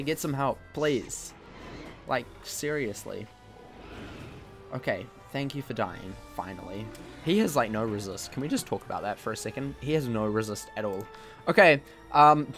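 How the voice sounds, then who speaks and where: A gaming channel host with a medium-pitched, expressive, fairly bright voice talks at normal speed while playing a video game. His commentary is casual and full of jokes, self-teasing, and exclamations, over soft background music.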